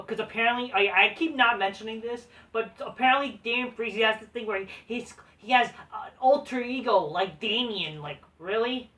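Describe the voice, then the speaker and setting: A woman's voice: a little high, moderate pace, hardly any pauses, a bit bright. A woman reviewing a wrestling show in a crude, profane, scornful rant. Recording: voice distant from the mic.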